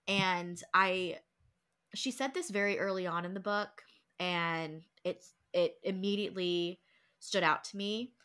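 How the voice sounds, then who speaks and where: A young woman chats about a book she loves, her voice bright and ringing and sitting a touch low. She laughs easily and reads passages aloud with feeling. The talk is loose and heartfelt. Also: measured pace, smooth. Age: young adult. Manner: emotional, warm-hearted, laughs often, reads quotes aloud. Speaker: book club podcast host. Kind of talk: casual chat.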